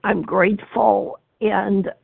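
A woman beginning a halting, grateful share at a recovery meeting. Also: medium pitch, fairly even intonation, vocal fry, husky, no echo. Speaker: meeting member sharing. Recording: tinny phone line, dry.

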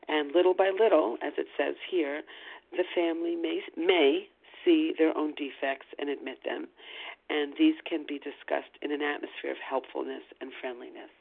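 A middle-aged woman from New Jersey sharing at a recovery meeting, halting with many ums and restarts. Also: low-pitched, creaky. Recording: tinny phone line.

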